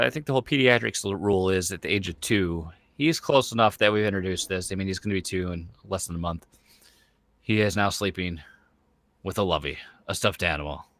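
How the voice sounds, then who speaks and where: This podcast host, a man in his thirties, chats casually and rambles, leaning heavily on fillers such as "like" and "you know." His voice sits low, gravelly and a bit bright, recorded without echo.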